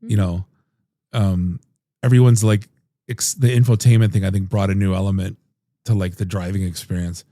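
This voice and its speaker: A man with a low, mellow voice hosts a relaxed podcast chat. He rambles and restarts his sentences, trailing off as he goes. The sound is dry and close. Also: normal speed, no room sound. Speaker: podcast host. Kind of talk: casual chat.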